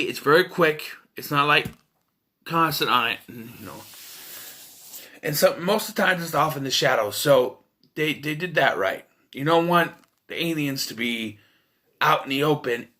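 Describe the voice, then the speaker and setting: Man reviewing a movie off the cuff, animated delivery, exasperated and profane. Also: on the high side, moderate pace. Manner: rambling, exasperated, swears freely. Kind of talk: casual spoken film review.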